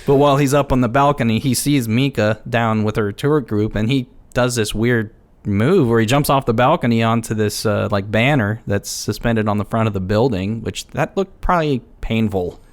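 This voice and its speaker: A man's voice: mid-range voice, moderate pace. A man co-hosting a podcast, recapping a movie in casual chat and acting out quotes with lots of laughter. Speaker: podcast co-host.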